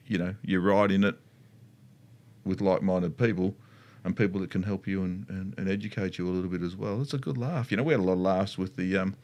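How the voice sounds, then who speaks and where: Middle-aged man, Australian accent, very low voice, rambling casual chat. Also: steady tone, brisk, a little mellow. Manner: rambling, many restarts and asides. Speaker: motorcycle dealership co-host.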